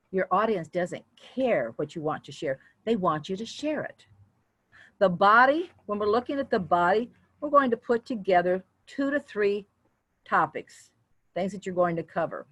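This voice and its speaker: An older woman, speaking as a guest, teaches public speaking and deliberately shifts her pitch and loudness as she goes. The recording has no room sound.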